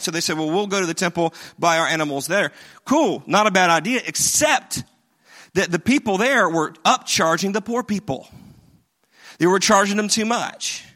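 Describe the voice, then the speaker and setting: A man's voice: sits high, bright, forceful tone. A man preaching a sermon in a conversational, joking way, often restarting his sentences. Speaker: pastor.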